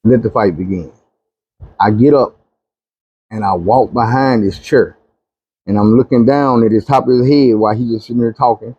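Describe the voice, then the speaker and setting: A man telling a long dream story, animated, dropping low and quiet when he pleads. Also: normal speed, pauses often, husky, no room sound, highs cut off. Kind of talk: recounting a dream testimony.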